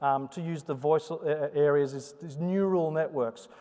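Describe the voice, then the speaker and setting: A man's voice: fairly high pitch, measured pace. Sing-song man presenting in a hall. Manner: chatty, joking, animated delivery. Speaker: conference presenter. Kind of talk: live conference talk with demo. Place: conference hall. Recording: long hall reverb.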